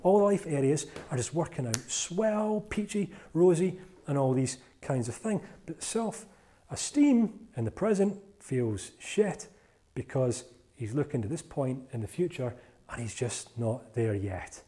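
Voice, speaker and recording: A man leads a live seminar, playful and jokey, teasing the volunteers he calls up. His voice sits a touch high and swings widely in pitch, full of animation. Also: expressive, unhurried, dark tone. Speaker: motivational speaker. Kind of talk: live seminar talk to an audience.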